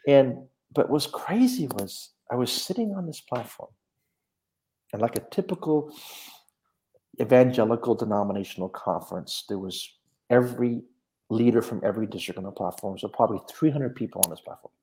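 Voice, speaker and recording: A minister recounting a personal spiritual experience in conversation, talking earnestly and with animation. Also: male voice, mid-range voice, expressive, normal speed, warm tone, slight background noise.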